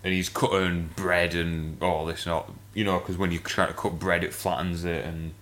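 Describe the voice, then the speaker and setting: A man, telling a long rambling story in casual podcast chat and getting animated as he goes. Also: low voice, moderate pace.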